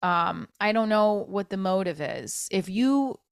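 A woman's voice: medium pitch, animated, measured pace, creaky, clear, resonant tone, no room sound, clean studio sound. Upset woman venting on a podcast. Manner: upset and self-critical, swearing, rambling with restarts. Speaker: podcast host. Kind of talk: emotional solo podcast monologue.

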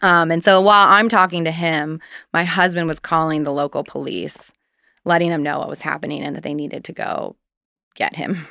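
A woman's voice: sits low, steady tone, moderate pace, gravelly, bright, forceful tone, no room sound, clean studio sound. A woman in her thirties, a guest candidly recounting a personal story in casual, rambling conversation.

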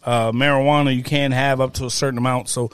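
A man's voice: medium pitch, little pitch movement, fast, clean tone, no echo. A man co-hosting a podcast in casual group chat, self-mocking and a little hesitant. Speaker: podcast co-host.

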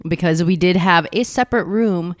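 A woman co-hosts a home podcast in a relaxed, teasing way, laughing easily. Her voice sits on the lower side. The sound is close and dry, with no room echo. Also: moderate pace. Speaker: podcast co-host. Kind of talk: casual chat.

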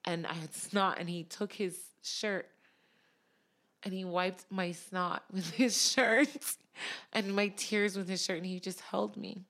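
A woman guest on a podcast, telling a personal story in a tearful, halting way and laughing through the emotion. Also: mid-range voice, fairly even intonation, a bit bright.

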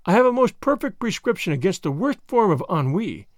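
Man doing a sly middle-aged spy, quiet and sarcastic, mock-gallant, close dry storybook voice. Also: sits high, very animated, fairly quick, dry recording.

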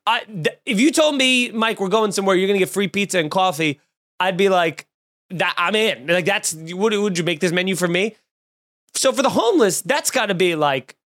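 A man's voice: high-pitched, fairly bright tone. Rambling self-mocking man telling stories. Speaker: podcast host. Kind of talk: comedic podcast chat.

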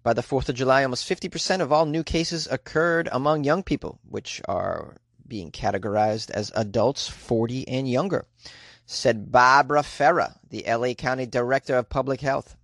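A man's voice: medium pitch, normal speed, fairly bright tone, no room sound. A man from California giving casual news commentary, sarcastic and incredulous, with rambling asides. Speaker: commentary host.

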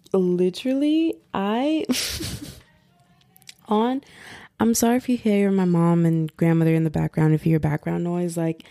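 A woman's voice: on the low side, warm tone, no room sound, studio quality. A young woman hosting a podcast from home, talking in a chatty, rambling way full of fillers and asides. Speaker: podcast host. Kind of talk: casual podcast monologue.

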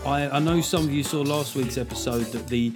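A man's voice: medium pitch, brisk, over music. A man hosting a podcast, chatting casually in a jokey, self-mocking way with frequent hesitant restarts. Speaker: podcast host. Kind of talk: casual chat.

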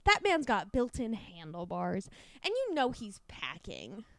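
A woman's voice: mid-range voice, wildly swooping pitch, measured pace, no echo. A young woman co-hosting a podcast, chatting casually in a brash, bawdy way and swearing freely. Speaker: podcast co-host. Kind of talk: casual chat.

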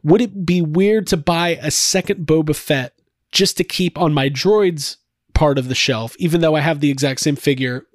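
A man's voice: on the high side, moderate pace, dry recording, clean studio sound. A man hosting a casual podcast chat, rambling with frequent restarts and laughs. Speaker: podcast host.

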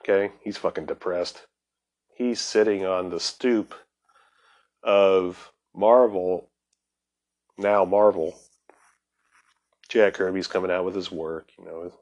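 A man hosting a casual podcast, telling comics history in a loose, profane, excitable way that is often broken by laughter. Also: low-pitched, slow, pauses often, dull audio. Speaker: podcast host.

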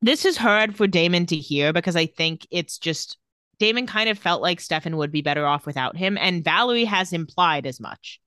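A woman with a lower voice chats through a TV episode recap, and her pitch swings widely as she reads the characters' lines aloud. Her delivery is animated. The recording is dry, close and free of room sound. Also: moderate pace, no echo. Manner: reads out quoted dialogue with lively shifts in pitch and pace. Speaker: podcast co-host recapping a TV episode. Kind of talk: casual recap chat.

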